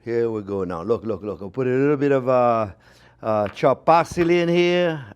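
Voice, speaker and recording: A man's voice: mid-range voice, slow pace, clean tone. A French-accented man hosting a casual cooking demonstration, chatty and enthusiastic, with many fillers and restarts. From France. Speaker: cooking show host. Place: home kitchen.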